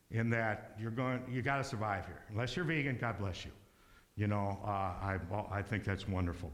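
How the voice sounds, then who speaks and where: A man giving a casual, rambling talk as a guest speaker, telling animated anecdotes and acting out voices along the way. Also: fairly low pitch, in a large hall. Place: spiritual community hall.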